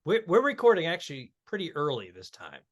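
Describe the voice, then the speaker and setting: A man's voice: fairly high pitch, huge pitch swings, brisk. A man co-hosting a comedy podcast, joking and chatting casually, often speaking straight to the listeners. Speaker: podcast co-host and comic.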